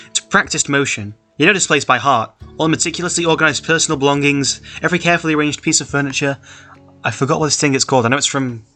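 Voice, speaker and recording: A man reads a story aloud in a casual, chatty way, breaking off often to add his own comments. His voice is bright and forward, with faint music playing in the background. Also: mid-range voice. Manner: chatty, laughs often, comments between passages. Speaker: reader of an online story.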